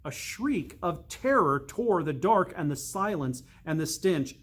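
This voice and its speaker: A priest reading a storybook aloud, slow and measured, dropping to a hush for suspense. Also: male voice, on the high side, expressive, breathy edge.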